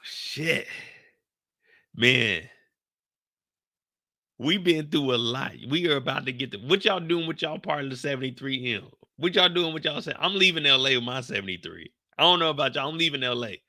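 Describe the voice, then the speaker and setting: A man hosting a live after-show, talking in a loose, profane, animated way. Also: moderate pace. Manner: animated, profane, swings into high exclaiming bursts. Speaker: show recap host.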